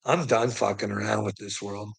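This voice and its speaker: A man's voice: lowish voice, fairly even intonation, moderate pace, creaky, slightly rough. A weary man ranting in a profane monologue to the camera, swearing constantly and stammering through restarts. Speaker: vlogger.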